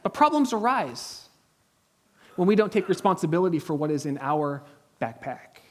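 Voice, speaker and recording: Conversational pastor in his thirties. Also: on the high side. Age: 30s. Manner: conversational, humorous, drops to a hush in the story. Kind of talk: sermon with storytelling. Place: church.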